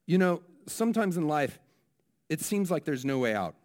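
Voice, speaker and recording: A man doing an impression of a bumbling, cheerful male funeral minister with a New Zealand accent, in a high, loud, sing-song delivery. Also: sing-song, moderate pace. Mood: goofy preaching.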